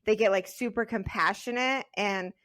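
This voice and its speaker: A woman's voice: medium pitch, moderate pace, a bit bright. A woman in her thirties co-hosting a podcast, chatting casually and peppering her talk with "like.". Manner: chatty, frequent "like" fillers. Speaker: podcast co-host. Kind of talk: casual chat.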